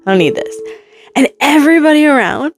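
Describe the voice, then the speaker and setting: A woman giving a casual, rambling tarot reading to her viewers, acting out imagined reactions in quick quotes. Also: high voice, soft background music. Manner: rambling, animated, full of hypothetical quotes. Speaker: tarot reader.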